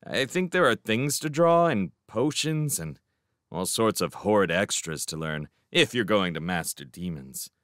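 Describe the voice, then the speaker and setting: A man's voice: fairly low pitch, lively intonation, a little slow, a bit bright, no echo, studio quality. A man voicing a cheerful, cocky teenage boy in a storybook reading, breezy and teasing. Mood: chatty.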